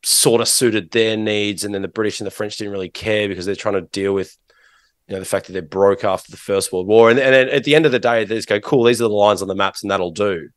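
A middle-aged Australian man with a fairly low voice, speaking as a podcast guest. He talks in long rambling stretches, circling back with restarts and fillers. The sound is dry and close to the mic. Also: steady tone, fast talker, dry recording. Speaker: interview guest. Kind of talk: casual interview talk.

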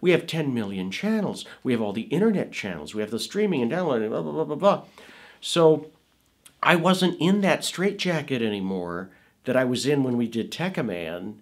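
A man's voice: mid-range voice, big pitch swings, normal speed. A middle-aged man, a film producer and voice actor, telling stories about his career in an interview, rambling with many asides and restarts. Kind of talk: conversational interview storytelling.

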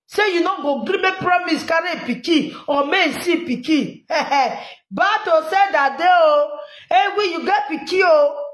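A high-pitched woman speaks with a Nigerian Pidgin accent, her voice bouncing around an echoey room. She delivers lively, scolding online commentary, laughs often, and keeps chanting at viewers to like and share. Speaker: commentary vlogger. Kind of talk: live social media commentary.

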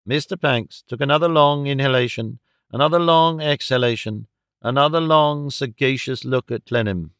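Casting: male audiobook reader, clear smooth tone, dry close recording. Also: medium pitch, moderate pace, fairly bright tone, no room sound. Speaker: audiobook narrator. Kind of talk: scripted narration.

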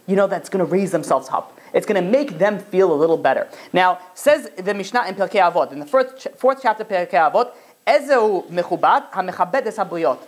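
Fast-talking rabbi giving a class. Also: male voice, high-pitched. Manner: animated, acts out quoted voices, many restarts. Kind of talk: Torah class lecture.

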